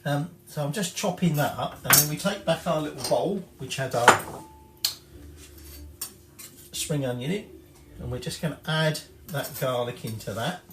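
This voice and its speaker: A man's voice: fairly high pitch, moderate pace, long pauses, heavy background noise. A man giving a casual cooking demonstration, chatty and rambling, correcting himself and swearing offhandedly. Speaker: home cook presenting a recipe. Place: home kitchen. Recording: echoey kitchen with clattering dishes.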